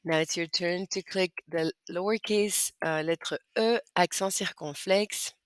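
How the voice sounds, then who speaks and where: A woman's voice: on the low side, measured pace, no echo. A woman teaching French as she walks students through typing accent marks, patient and step by step. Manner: clear, patient step-by-step instruction. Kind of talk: screen-recorded lesson walkthrough.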